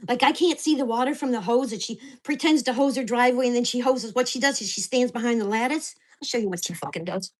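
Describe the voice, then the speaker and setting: A woman's voice: fairly high pitch, fast, hardly any pauses. An older woman venting angrily and profanely in a casual vlog rant. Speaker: vlogger.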